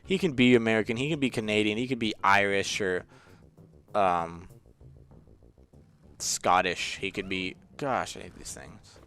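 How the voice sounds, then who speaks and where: A man's voice: fairly low pitch, unhurried, pauses often, a bit bright. A young man casually commenting while he plays a video game, rambling and joking, with lots of fillers. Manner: rambling, jokey, easily frustrated, many fillers. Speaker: gaming channel host. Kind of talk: casual let's-play commentary.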